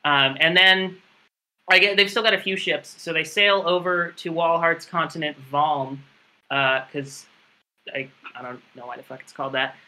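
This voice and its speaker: Man, casual podcast recapper, bright forward tone, rambling and wry. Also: on the high side, fairly even intonation, normal speed, low-quality recording. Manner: rambling, sarcastic, profane recap with many fillers. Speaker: podcast co-host recapping a game story. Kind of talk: casual chat.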